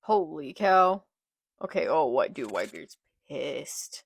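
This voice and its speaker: A woman's voice: low voice, very animated, slow, gravelly, slightly rough, dry recording, studio quality. A young woman reacting live as she reads a manga, murmuring along and bursting into anguished outbursts. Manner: emotional, swings from murmured reading to anguished outbursts.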